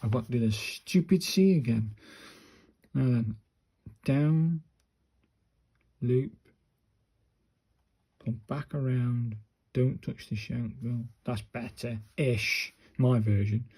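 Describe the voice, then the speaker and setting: A man slowly talking his viewers through handwriting practice, muttering each stroke as he writes. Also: mid-range voice, dark tone, husky. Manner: slow, muttering step-by-step to himself and viewers. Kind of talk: casual narrated handwriting practice.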